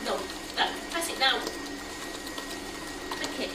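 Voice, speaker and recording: A woman's voice: high-pitched, expressive, takes it slowly. A woman chiming in with teasing, giggly asides during a live kitchen demo. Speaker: co-host assistant. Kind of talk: casual chat. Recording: distant mic, audible room noise.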